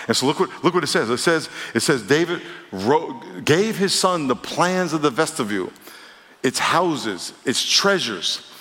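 A man preaching a sermon as pastor, lively and emphatic, moving from loud declarations to quiet asides. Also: on the high side. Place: church sanctuary. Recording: reverberant church hall.

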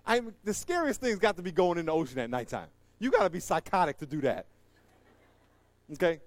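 A man doing stand-up storytelling, animated and acting out the voices in his story while laughing at it himself. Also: on the high side, fairly quick, no echo. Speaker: comedian.

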